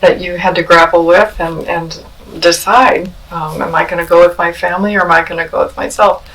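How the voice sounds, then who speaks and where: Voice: medium pitch, steady tone, brisk, fairly bright tone, recorded from a distance, low-quality recording. Empathetic podcast host, a bit off-mic. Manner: empathetic, affirming responses. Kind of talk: parish podcast interview.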